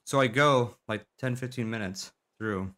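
A man's voice: mid-range voice, moderate pace, fairly bright tone. A man from South Dakota streaming a game with friends, telling a story in casual chat, acting out quotes and swearing freely.

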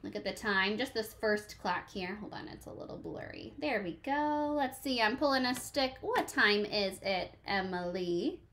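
A woman's voice: mid-range voice, expressive, moderate pace, few pauses, fairly bright tone, slight background noise. A young woman teacher reading a picture book aloud to her class and chatting with the children, encouraging and full of ums and likes.

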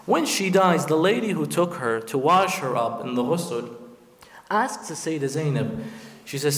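A man delivering a Muharram sermon, telling the story dramatically and voicing the figures in it. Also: on the high side. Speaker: preacher. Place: large prayer hall. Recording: roomy hall echo.

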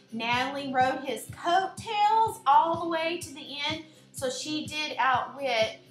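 A woman giving a blunt, animated casual rant to the camera as a vlogger. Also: a little high, echoey room.

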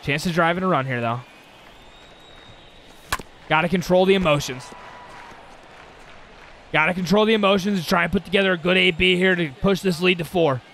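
Young male gaming host, high bright voice with a gravelly edge, exasperated play-by-play aimed at viewers. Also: normal speed, long pauses, slight background noise. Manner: exasperated, talks to himself and viewers with bursts of frustration. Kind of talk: live gameplay commentary.

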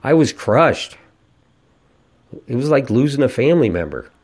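A man's voice: medium pitch, big pitch swings, moderate pace, a little mellow, breathy edge. A man in his forties hosting a podcast, ranting and telling stories in a casual, profane monologue. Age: 40s. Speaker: podcast host.

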